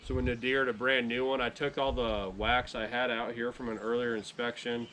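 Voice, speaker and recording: A man chatting casually to camera outdoors beside his beehives in a relaxed, rambling way, often correcting himself. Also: medium pitch, normal speed, slight background noise. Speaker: beekeeping vlogger.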